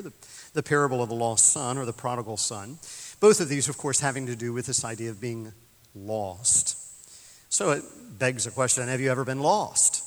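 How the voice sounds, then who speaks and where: A man preaching a sermon as pastor, in a relaxed storytelling way with chuckling asides, in a church sanctuary. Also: medium pitch. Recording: long church reverb.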